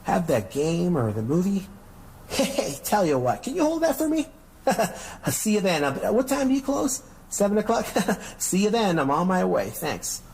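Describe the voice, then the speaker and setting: A man's voice: high-pitched, sing-song, unhurried, creaky, darkish tone, pitched above the performer's own voice, exaggerated voice. A man putting on an overly chipper, polite voice for a phone call, eager and falsely friendly.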